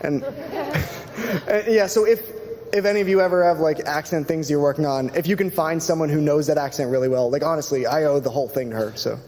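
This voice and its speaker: A man's voice: on the high side, a little fast, darkish tone. A teenage boy, a student actor, answering earnestly with some hesitation. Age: teens. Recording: reverberant auditorium.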